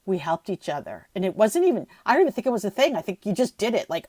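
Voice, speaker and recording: A woman's voice: mid-range voice, big pitch swings, fast talker, few pauses, warm tone, breathy edge, no echo. A middle-aged woman hosting her own podcast, talking emotionally and rambling, often near tears. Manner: rambling with frequent restarts. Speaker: podcast host. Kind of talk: emotional solo podcast talk.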